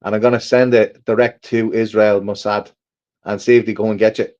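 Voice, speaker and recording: A man's voice: lowish voice, flat delivery, fairly quick, darkish tone, muffled recording. An Irish man bantering on a casual podcast, teasing and laughing often.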